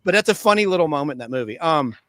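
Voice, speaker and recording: A man in his forties with a bright, forceful voice, telling stories with lively animation and popping into squeaky voices for the people in them. The sound is dry and close, with no room echo. He talks casually, like a host among friends. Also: very fast. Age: 40s. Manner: animated storyteller, acts out quotes in squeaky voices. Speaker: podcast host. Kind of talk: casual storytelling chat.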